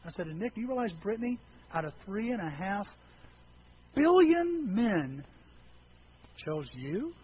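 This preacher is a fast talker with lively intonation and a voice that sits high for a man, and he spins a funny sermon like a folksy storyteller. A faint hiss runs behind him on a slightly dull recording.

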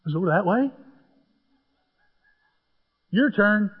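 A man's voice: high voice, moderate pace, husky. A middle-aged man, a pastor, telling a folksy golf story inside a sermon and acting out the dialogue. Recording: muffled, echoey church hall.

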